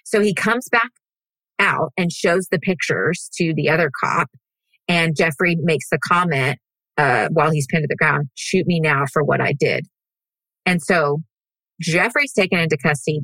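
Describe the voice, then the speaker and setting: A woman's voice: sits low, fairly bright tone, dry recording, low-quality recording. A woman hosting a podcast, telling a true-crime story in a casual, blunt and profane way. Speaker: podcast host.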